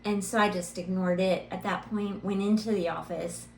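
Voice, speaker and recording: A middle-aged woman co-hosting a podcast, telling a family story in a lively, animated way and laughing now and then. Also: medium pitch, moderate pace, gravelly. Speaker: podcast co-host, mother. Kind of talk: casual storytelling chat. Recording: roomy echo, faint hum.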